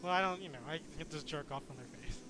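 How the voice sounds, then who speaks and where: A man's voice: on the high side, fast. A young man chatting casually with friends, making crude jokes and laughing a lot. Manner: giggly, crude joking. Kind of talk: casual chat. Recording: noisy background hiss.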